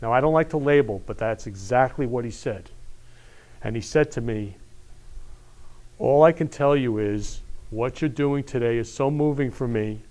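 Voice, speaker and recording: A man hosts a live online show with an effusive, heartfelt delivery, greeting viewers one by one with affection. His voice sits at an ordinary middle pitch. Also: moderate pace, darkish tone. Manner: effusive, repeats "I love you" often. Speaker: host. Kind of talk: emotional live-stream show talk.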